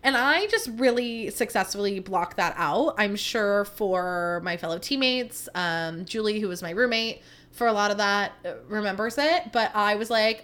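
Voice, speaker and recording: Thirtysomething woman rambling on her podcast, super animated, says like constantly. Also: medium pitch, moderate pace. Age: 30s. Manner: chatty, animated storytelling, heavy use of "like". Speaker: podcast host. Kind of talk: casual chat.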